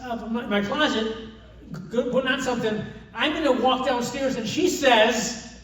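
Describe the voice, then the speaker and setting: A man's voice: very high voice, normal speed, fairly bright tone. An older man giving a humorous, rambling retreat talk to a group of men, telling a family story and then joking about marriage. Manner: humorous storytelling with many restarts. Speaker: conference speaker. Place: retreat meeting room. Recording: distant, very echoey room mic.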